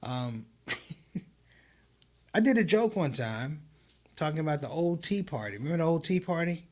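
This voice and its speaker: A man who is a comedian, a guest on a live online show, telling stories in an animated way and quoting others in a raised voice. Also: on the high side, a little slow, slight background noise. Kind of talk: livestream conversation.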